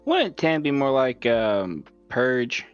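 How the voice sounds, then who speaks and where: A man's voice: mid-range voice, big pitch swings, slow, smooth. Wry, rambling male co-host on a dull lo-fi track. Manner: wry, rambling, swears mildly. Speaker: podcast co-host. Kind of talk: casual chat. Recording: slightly dull lo-fi sound with faint music.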